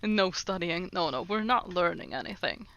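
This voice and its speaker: A woman's voice: fairly low pitch, animated, normal speed, creaky, fairly bright tone, dull audio. A woman streaming herself practicing on a language app, native Norwegian speaker, giggling often and joking with her chat. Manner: giggly, self-mocking, chats with viewers. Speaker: livestreamer. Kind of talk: casual livestream chat while playing a language app.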